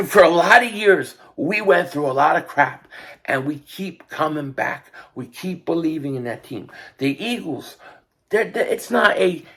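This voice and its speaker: An older man giving an impassioned sports fan rant, repeating himself and building to shouts. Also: sits high. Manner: fervent, repetitive, rising to shouts. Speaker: sports vlogger.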